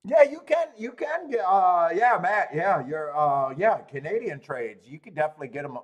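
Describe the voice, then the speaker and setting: The host of a live streaming show, a man in his thirties, reads the live chat and chats casually at a normal speed. His expressive voice sits high, the recording's highs are cut off, and he swears freely, rambling and laughing often.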